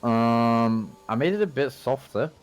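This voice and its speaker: A man commentating a race over a gaming headset, hesitant and dry with deadpan jokes. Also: medium pitch, unhurried, clear, resonant tone.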